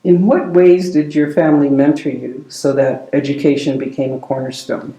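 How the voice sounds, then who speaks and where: A woman interviewing for an oral history project, asking questions gently and encouragingly. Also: low-pitched, steady tone, moderate pace. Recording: roomy.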